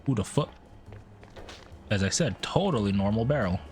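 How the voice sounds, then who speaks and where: A male streamer gives casual commentary on a game as he plays. His voice is very lively, and his pitch jumps up and down. Faint game music plays under him. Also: normal speed. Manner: playful, swears often, swings his pitch.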